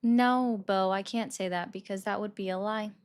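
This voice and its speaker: A woman's voice: mid-range voice, fairly even intonation, normal speed, clear, resonant tone. Chatty woman hosting a call-in stream. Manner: chatty, reads and answers viewer comments. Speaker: livestream host taking calls. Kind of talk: casual political commentary chat. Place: bedroom at home. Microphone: desk microphone.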